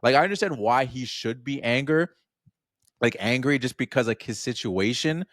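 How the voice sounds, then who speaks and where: Animated man rambling in a film chat. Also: mid-range voice, moderate pace, no echo, clean studio sound. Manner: animated, rambling, acts out quotes. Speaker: podcast co-host. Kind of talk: casual film review chat.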